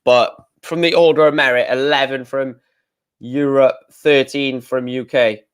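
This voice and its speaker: A man's voice: medium pitch, fairly even intonation, measured pace, clear, resonant tone. A man hosting a live stream, chatting casually and correcting himself as he goes. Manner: chatty, thinking aloud, self-correcting.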